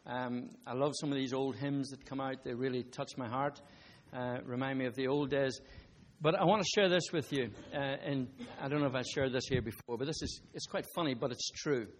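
A man's voice: medium pitch, fairly even intonation, brisk, in a large hall. A man preaching a sermon to a congregation, talking conversationally with asides and rising into emphatic bursts. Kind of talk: sermon with a told story.

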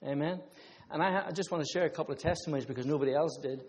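A man's voice: fairly high pitch, very fast, darkish tone. A man preaching a conversational sermon, mixing scripture with personal testimonies and asides to the congregation. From Ireland. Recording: long hall reverb.

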